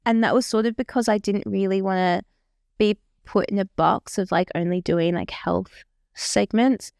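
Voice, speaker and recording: A woman's voice: medium pitch, steady tone, normal speed, creaky, a little mellow, no echo, studio quality. A woman in her twenties chatting casually as a vlogger, rambling and self-deprecating. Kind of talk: casual reaction chat.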